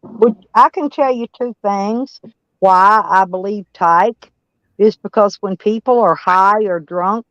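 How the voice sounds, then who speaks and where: A woman's voice: medium pitch, takes it slowly, fairly bright tone, no room sound, muffled recording. A woman from Arkansas with a Southern US country accent, chatting casually in a rambling, stop-start way. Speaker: van life vlogger. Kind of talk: casual chat.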